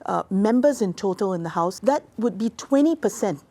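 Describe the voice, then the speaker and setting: Female expert guest, mellow voice, deliberate and precise. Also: medium pitch, lively intonation. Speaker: policy research expert guest. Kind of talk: explanatory interview talk.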